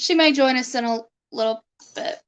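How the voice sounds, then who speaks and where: A woman's voice: high-pitched, normal speed, clean tone, rough recording. A young woman streaming live, chatting casually with her viewers and her dog and laughing often.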